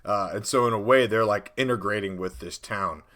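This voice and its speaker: A man's voice: fairly low pitch, normal speed, bright, forceful tone. A man co-hosting a casual chat about tabletop game prep, rambling and laid-back. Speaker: podcast co-host.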